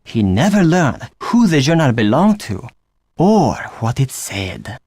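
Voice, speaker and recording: An actor playing an earnest young man in a video game, speaking with a French accent in measured storytelling. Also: medium pitch, sing-song, darkish tone, no room sound. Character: earnest young man seeking a lost treasure. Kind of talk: video game character dialogue.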